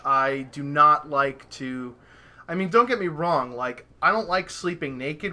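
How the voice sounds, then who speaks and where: A young man, a podcast host, telling a story in casual chat, animated and profane, acting out his own reactions. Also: fairly high pitch.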